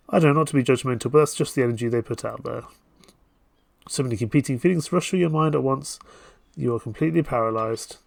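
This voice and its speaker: A male streamer reads a game's story text aloud and breaks off into playful jokes. His voice has a gravelly fry and sits at an ordinary male pitch. The sound is dry and close. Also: a little mellow, dry recording. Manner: playful, jokey asides between narration. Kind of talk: reading a game aloud with commentary.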